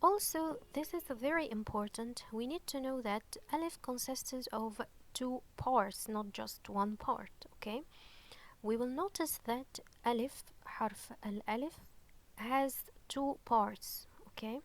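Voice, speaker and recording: A woman teaching an online lesson, patient and unhurried, checking in often with "okay?" and pausing on fillers. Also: on the high side. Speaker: Arabic teacher.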